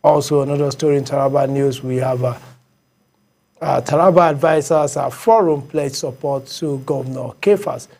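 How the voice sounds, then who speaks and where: A man's voice: medium pitch, moderate pace, darkish tone. A man hosting a morning show, reading headlines with many fillers and repeats. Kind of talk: reading headlines and taking calls.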